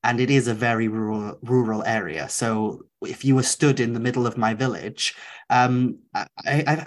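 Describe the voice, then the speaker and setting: A young man from North Wales, a native Welsh speaker whose softened Welsh accent often passes for English. He talks as an interview guest in an earnest, reflective way at a middling pitch. His speech is full of ums and restarts. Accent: softened Welsh, often heard as English. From North Wales, Isle of Anglesey. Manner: earnest, thoughtful, with frequent fillers.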